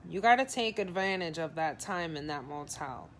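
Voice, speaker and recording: A woman's voice: sits low, animated, moderate pace, fairly bright tone, a little hiss or hum. A woman, a psychic medium, giving a live reading. She relays spirit messages in the first person in a casual, direct, frank advising way.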